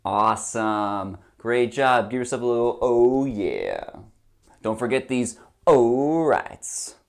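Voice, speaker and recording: A man's voice: medium pitch, very animated, slow pace, creaky. A male music teacher leading a remote lesson for young children, coaxing and upbeat, singing call-and-response songs. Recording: ukulele music loud behind. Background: ukulele.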